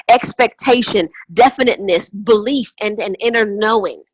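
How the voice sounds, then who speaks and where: On a dry recording, a woman with a fairly high, fairly bright voice teaches on a call as a money mindset coach. She's emphatic, repeating words in a chant-like way to drive her points home.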